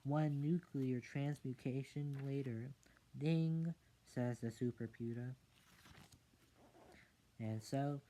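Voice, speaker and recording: A reader reading a picture book aloud in a casual, soft style, adding whispered side comments. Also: medium pitch, steady tone, slow, long pauses.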